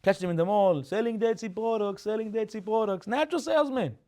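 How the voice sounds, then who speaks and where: A young man giving a lively Torah class, laughing often and dropping Hebrew terms into his English. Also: high voice, fast. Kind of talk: lively sermon on the weekly portion.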